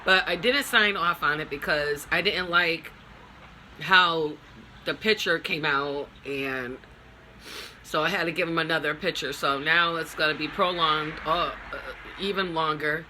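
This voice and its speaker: A grieving middle-aged woman talking in a personal vlog, halting and raw, in broken phrases. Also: low-pitched, bright, forceful tone, a little hiss or hum. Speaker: vlogger.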